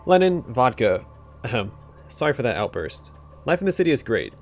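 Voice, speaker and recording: A man voicing a nervous male clerk who keeps bursting out with shouted word lists and then apologizes. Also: medium pitch, very animated, quick pace, slight background noise. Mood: twitchy.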